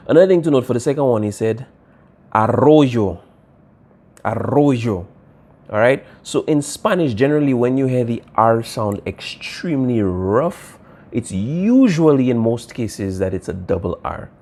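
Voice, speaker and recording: A man teaching a Spanish class, explaining pronunciation and stretching out example words slowly while he checks in with his students. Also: mid-range voice, a little mellow. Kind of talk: classroom language lesson.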